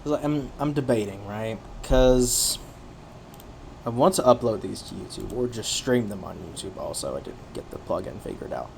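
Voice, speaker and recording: A man's voice: lowish voice, animated, normal speed, gravelly, darkish tone, a little hiss or hum. A man streaming and talking to himself in a casual, rambling way, tired and yawning, often restarting his sentences. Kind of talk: casual solo stream commentary.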